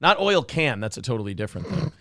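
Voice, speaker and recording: A man's voice: medium pitch, big pitch swings, quick pace, fairly bright tone, no echo, studio quality. A man co-hosting a comedy news show, riffing sarcastically with mocking asides. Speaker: podcast co-host.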